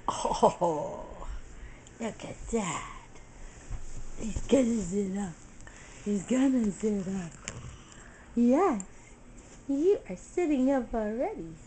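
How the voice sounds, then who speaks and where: An older woman coos baby talk to an infant in a slow, coaxing sing-song. Her voice swoops up and down with lively pitch. She is a grandmother talking at home. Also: a little hiss or hum. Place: bedroom at home.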